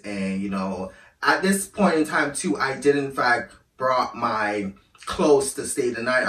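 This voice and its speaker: A man with a bright, forceful voice tells a personal story in a casual, animated way, blunt and swearing freely. He sounds set back from the mic in an echoey room. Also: mid-range voice, recorded from a distance.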